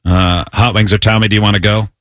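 A man's voice: on the low side, fast, dry recording, studio quality. A man co-hosting a casual chat who jokes around and keeps the group moving. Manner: joking, animated. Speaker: podcast co-host.

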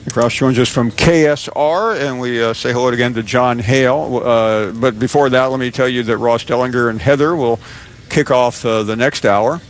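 Sports radio host man, quick patter. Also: mid-range voice. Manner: brisk, filler-heavy host patter. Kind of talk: casual sports talk radio.

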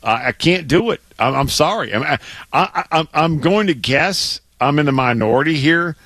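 A man's voice: fairly high pitch, expressive, moderate pace, a bit bright, no echo. A middle-aged man co-hosting a sports radio show in casual banter, emphatic and fired up, often repeating himself. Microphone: studio microphone.

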